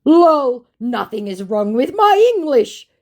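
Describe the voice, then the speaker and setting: A woman voicing a pushy, clumsy young male online scammer in a high, exaggerated mocking imitation. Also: big pitch swings, unhurried, warm tone. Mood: defensive.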